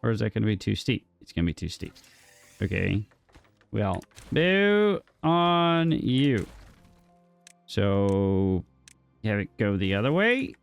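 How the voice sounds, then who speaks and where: A man's voice: lowish voice, animated, normal speed, gravelly, faint music behind. A man casually commentating his own gameplay, thinking aloud and joking with the game as he builds. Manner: thinks aloud, jokey, talks to himself and the game. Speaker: gaming streamer.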